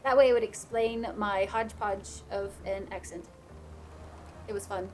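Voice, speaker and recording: A woman streaming a game who chats casually with her viewers and laughs often. Her accent drifts playfully whenever she gets animated. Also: mid-range voice, moderate pace, music in the background. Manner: chatty, laughs a lot, drifts between playful put-on accents. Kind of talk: casual live-stream chat.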